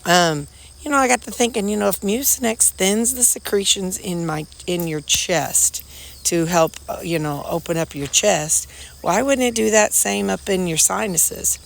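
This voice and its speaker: A woman's voice: medium pitch, normal speed, gravelly. Folksy woman with a stuffy nose. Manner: folksy, rambling, chatty. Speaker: weight-loss vlogger. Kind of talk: casual chat. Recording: echoey room, faint noise.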